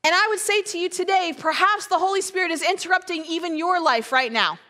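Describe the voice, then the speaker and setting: A woman's voice: extremely high pitch, brisk, sharp tone, in a large hall. A woman guest speaker giving a conversational sermon, full of rhetorical questions and acted-out inner voices. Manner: acts out imagined inner voices.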